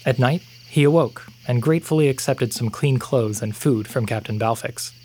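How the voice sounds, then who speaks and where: A man narrating a fantasy story in a measured, expressive reading voice. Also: medium pitch, a little hiss or hum. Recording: faint background music.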